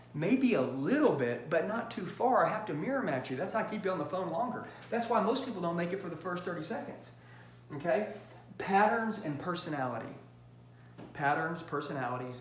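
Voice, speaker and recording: Male sales coach, high voice, emphatic and punchy, recorded in an echoey room. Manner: emphatic, punchy, keeps checking in with the audience; acts out phone calls in quick bursts. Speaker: sales trainer. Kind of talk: high-energy sales training talk. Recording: roomy echo with faint hum.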